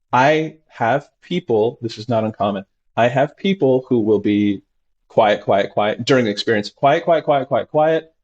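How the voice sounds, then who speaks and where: A man, a doctor talking as a guest, telling stories animatedly and acting out his patients in sudden high voices. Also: dull audio. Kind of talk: animated conversational storytelling.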